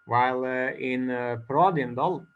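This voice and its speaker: Slow, hesitant linguist, lo-fi. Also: male voice, medium pitch, clear, resonant tone. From Croatia. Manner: slow, hesitant, many uh fillers between phrases. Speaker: conference speaker, linguist. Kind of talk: academic conference talk. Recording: dull lo-fi recording.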